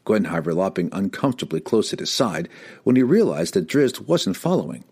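Man, audiobook narrator, husky voice, lowish pitch, lively dramatic fantasy reading. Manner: dramatic, expressive storytelling.

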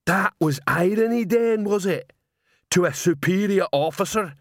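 A man voicing a huge, slow-witted troll policeman who talks slowly and ponderously in a storybook reading. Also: high-pitched, animated, no room sound, clean studio sound, pitched above the performer's own voice.

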